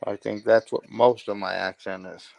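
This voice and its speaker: A man's voice: on the low side, fairly even intonation, moderate pace, vocal fry, darkish tone, low-quality recording. Brooklyn-accented man, casual chat caller, easygoing. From Brooklyn, New York. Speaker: chat participant.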